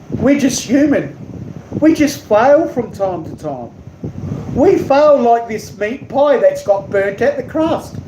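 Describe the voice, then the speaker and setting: A man hosting his own live stream, chatting casually, reading out viewer comments and drifting off topic. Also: high-pitched. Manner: rambling, warm, digressive, stumbles over words. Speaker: live-streaming artist and channel host. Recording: echoey room with loud air-conditioning hum.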